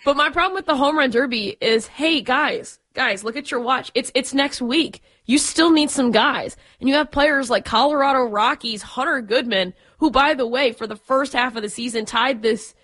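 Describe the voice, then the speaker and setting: High-voiced, blunt female sports co-host. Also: normal speed, hardly any pauses, fairly bright tone. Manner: blunt, opinionated. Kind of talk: casual sports talk radio. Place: radio studio.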